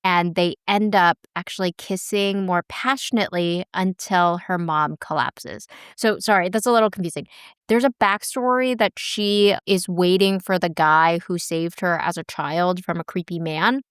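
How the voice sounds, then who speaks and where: A woman's voice: lowish voice, moderate pace, clean tone, dry recording, clean studio sound. A woman co-hosting a podcast, recapping a drama in casual chat with a wry, chatty manner. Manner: chatty, wry, laughs often. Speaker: podcast co-host.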